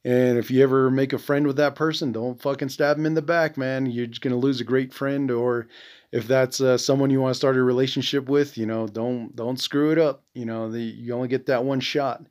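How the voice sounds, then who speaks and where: A man's voice: medium pitch, fairly even intonation, fairly quick, darkish tone. A man from the Navajo Nation hosting a podcast, talking bluntly and profanely, full of "you know". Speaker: podcast host, veteran. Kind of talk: casual monologue.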